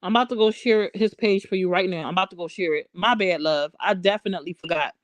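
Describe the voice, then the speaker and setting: A woman's voice: fairly low pitch, quick pace, dry recording. Woman on a phone livestream, chatty, greets viewers by name, dry close sound. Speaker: livestream host. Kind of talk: casual live chat.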